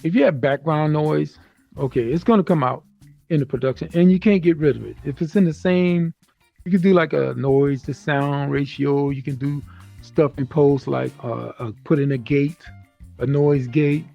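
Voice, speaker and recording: A man's voice: a little high, steady tone, moderate pace, vocal fry, dark tone, dull audio, soft background music. A man casually teaching audio recording tips from inside a virtual reality space, talking loosely and using food comparisons. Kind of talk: casual tutorial talk.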